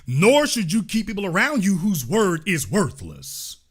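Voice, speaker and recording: A man's voice: high-pitched, wildly swooping pitch, unhurried, slightly rough. A man hosting a profane, comedic political rant, often acting out the voices of the people he quotes. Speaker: political commentary host.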